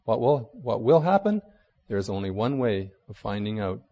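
A man voicing a great wise lion who speaks gently and gravely in a storybook reading. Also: on the low side, big-room sound, dull audio. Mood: gentle. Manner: calm, gentle, measured.

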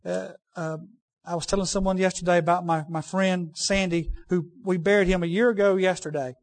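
Preacher guy with a pretty high voice, chatty sermon, keeps repeating lines for emphasis. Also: fairly even intonation, a little fast. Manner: conversational, repeats key phrases for emphasis; frequent restarts, folksy asides to the congregation.

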